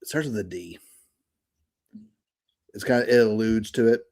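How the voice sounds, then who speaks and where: A man in his thirties co-hosting a casual podcast over a remote call, rambling with fillers and quick bursts. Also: on the low side, darkish tone. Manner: rambling, many fillers and restarts, bursts of speed. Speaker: podcast co-host. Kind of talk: casual chat.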